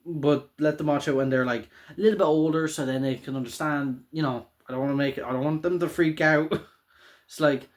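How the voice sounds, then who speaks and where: A man's voice: on the high side, steady tone, fairly quick. Rambling young man chatting casually. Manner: rambling, full of filler words and restarts. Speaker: show host reviewing a film. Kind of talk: casual monologue.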